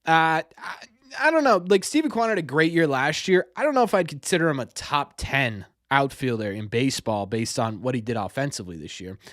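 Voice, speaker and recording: A man's voice: mid-range voice, sing-song, brisk, fairly bright tone, no echo, studio quality. A young man hosting a casual sports live stream, talking through viewers' questions in a rambling way and often stumbling over and repeating his words. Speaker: sports podcast host.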